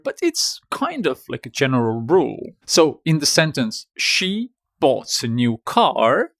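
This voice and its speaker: A young man teaching an online language lesson in a clear, encouraging way, slowing down to stress example sentences. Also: a little high. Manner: encouraging, instructive, stresses demo sentences slowly.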